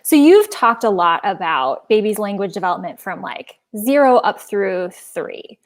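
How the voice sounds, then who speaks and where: A woman's voice: mid-range voice, sing-song, unhurried. A woman interviewer asking casual, conversational questions. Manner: conversational, uses "like" and "you know".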